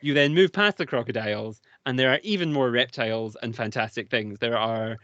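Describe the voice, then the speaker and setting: A man's voice: medium pitch, brisk, a bit bright, no room sound. Chatty man with a dull, dry sound. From United Kingdom. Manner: enthusiastic, rambling, laughs often. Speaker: podcast co-host. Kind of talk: casual chat.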